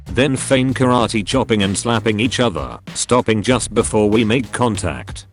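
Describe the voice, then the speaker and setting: Lively low-voiced man reading funny posts. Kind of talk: read-aloud comedic narration.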